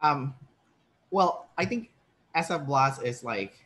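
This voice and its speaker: A man's voice: medium pitch, animated, slow pace, a bit bright. A man hosting a casual interview as a personality trainer, explaining ideas and acting out short example lines.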